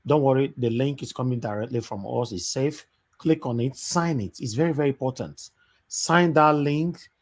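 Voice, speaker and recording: A man's voice: medium pitch, normal speed. A man hosting a live stream, urgently repeating instructions to his viewers. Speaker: livestream host. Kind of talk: live stream talk show.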